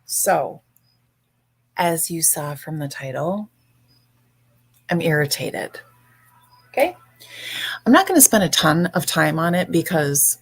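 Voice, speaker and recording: A woman's voice: deep voice, gravelly, husky. A woman hosting a livestream, ranting bluntly and sarcastically with frequent swearing. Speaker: livestream host.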